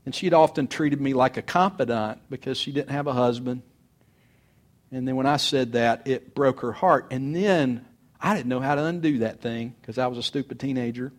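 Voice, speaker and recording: A middle-aged pastor preaching a sermon, earnest, swinging between loud urging and soft confiding. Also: male voice, medium pitch, moderate pace.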